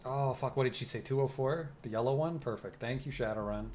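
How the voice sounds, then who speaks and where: A man's voice: mid-range voice, a little fast, a little mellow, faint music behind. A man doing let's play commentary over a game, swearing and sardonic as he plays. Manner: profane, sardonic. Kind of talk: gameplay commentary.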